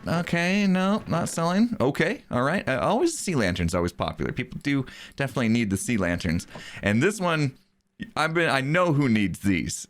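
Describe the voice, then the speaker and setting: A man's voice: mid-range voice, fairly bright tone. A young man giving cheerful, chatty commentary while playing a video game, laughing often. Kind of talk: let's play commentary.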